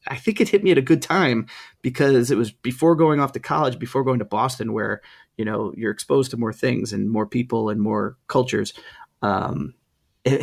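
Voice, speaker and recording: Middle-aged guy on a podcast, kinda gravelly, lots of ums, mid pitch. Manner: hesitant, many ums and restarts. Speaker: podcast co-host. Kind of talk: casual chat.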